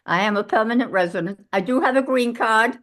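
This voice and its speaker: A British woman in her eighties, from England, telling lively stories as a guest in an interview and acting out the dialogue in them. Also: a little high, fairly quick. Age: 80s. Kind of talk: casual interview storytelling.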